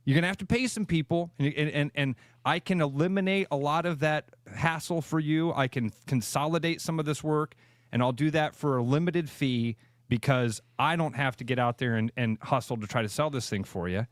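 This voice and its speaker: Emphatic fast-talking radio co-host man. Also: a little high, no echo, clean studio sound. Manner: animated, emphatic, repeats phrases for emphasis. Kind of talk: casual sports radio chat.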